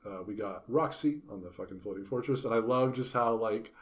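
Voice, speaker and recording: A man co-hosting a casual book discussion, animated, dropping into playful voices when he retells scenes. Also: on the low side, brisk. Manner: animated, puts on character voices when quoting. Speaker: podcast co-host.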